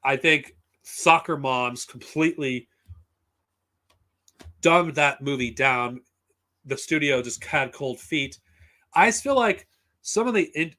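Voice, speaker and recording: A man's voice: medium pitch, bright, forceful tone. A man talking casually on a live stream, blunt and profane, rambling with frequent restarts. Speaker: streamer reviewing comics and films.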